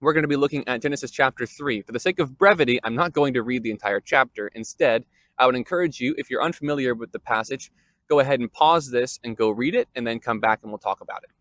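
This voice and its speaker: A man's voice: mid-range voice, fast, a bit bright, no room sound. A man hosting a casual Bible teaching vlog, talking in a conversational way with fillers and self-corrections. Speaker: host.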